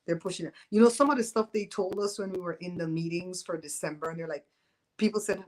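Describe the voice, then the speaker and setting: A fast-talking woman with a lowish voice hosts a casual home livestream, bantering with viewers. She's in her fifties, from Belize, and her manner is loose, teasing and opinionated. The audio is poor.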